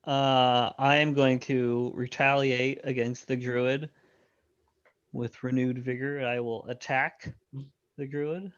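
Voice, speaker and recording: A player who talks slowly and walks through the rules step by step. The recording is dull and dry, with no room sound. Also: medium pitch, flat delivery, smooth, no room sound. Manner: measured, explains rules step by step. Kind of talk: casual game-table talk.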